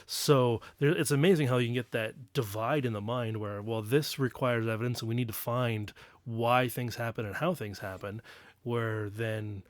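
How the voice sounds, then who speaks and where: A man's voice: mid-range voice, fairly even intonation, normal speed, no echo. A man as a guest in a casual chat, speaking earnestly and explaining his points, sometimes indignant.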